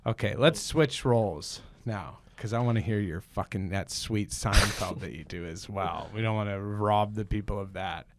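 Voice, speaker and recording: A man's voice: fairly low pitch, moderate pace, hardly any pauses, slight background noise. A man co-hosting a casual improv comedy podcast, rambling and joking at his own expense. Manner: rambling, self-deprecating joking. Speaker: podcast co-host.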